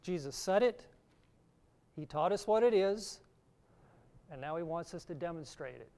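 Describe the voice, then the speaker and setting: A man's voice: fairly high pitch, animated, normal speed, a little mellow. A middle-aged man giving a sermon, teaching earnestly and reading scripture aloud. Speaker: preacher.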